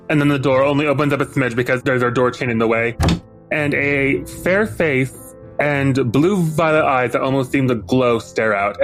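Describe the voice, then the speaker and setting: A man's voice: mid-range voice, fairly bright tone. A man playing in a tabletop game, describing scenes in a wry way. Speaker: player. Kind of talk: casual chat during a tabletop game.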